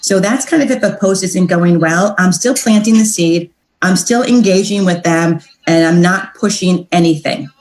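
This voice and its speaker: A woman's voice: on the low side, moderate pace, reverberant, low-quality recording. Upbeat chatty woman coaching sales. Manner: upbeat, chatty, acts out sample messages in a brighter voice. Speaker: direct sales team trainer. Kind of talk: casual training talk.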